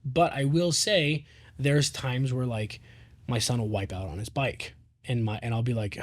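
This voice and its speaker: A man's voice: mid-range voice, fairly even intonation, moderate pace. A man in his thirties, a podcast co-host, talking casually in a rambling way with lots of fillers. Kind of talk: casual chat.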